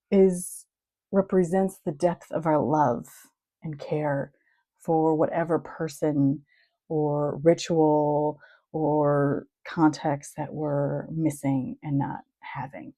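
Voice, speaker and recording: A woman's voice: low-pitched, dark tone, no echo, poor audio. A middle-aged woman, a marriage and family therapist, talking candidly and reflectively about her own experiences. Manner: reflective, earnest, openly sharing. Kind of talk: candid personal talk.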